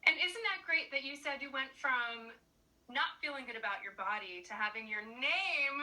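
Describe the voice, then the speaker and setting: Woman host chatting, high bright voice, sounds kinda far off the mic. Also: expressive, normal speed. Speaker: interview host. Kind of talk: casual interview. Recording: voice a bit distant from the mic.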